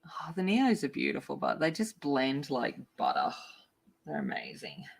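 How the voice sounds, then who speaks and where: A woman hosting a coloring livestream, chatting casually and excitedly greeting her viewers by name. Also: a bass voice, moderate pace, creaky. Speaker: art livestream host.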